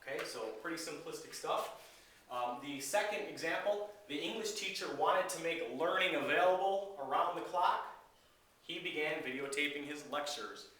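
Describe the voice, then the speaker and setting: A man, an English teacher, giving a recorded grammar lecture in a relaxed, explanatory way with frequent fillers. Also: a little high, normal speed, a little hiss or hum. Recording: very echoey room, voice from a distance.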